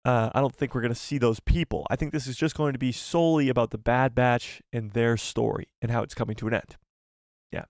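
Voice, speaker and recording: A man's voice: medium pitch, fairly even intonation, a little fast, creaky, a little mellow, no room sound, studio quality. A man hosting a casual live stream, reading viewer comments aloud and reacting in a jokey, chatty way.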